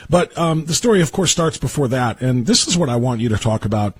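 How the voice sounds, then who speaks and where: A man's voice: mid-range voice, animated, fast talker, husky, no room sound. A man hosting a radio talk show, asking probing questions and reading quotes aloud with feeling. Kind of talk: radio interview.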